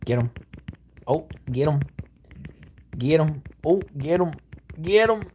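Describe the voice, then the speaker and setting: A young man giving excitable, rambling gameplay commentary with exaggerated outbursts. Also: on the high side, takes it slowly, slight background noise. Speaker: gaming YouTuber.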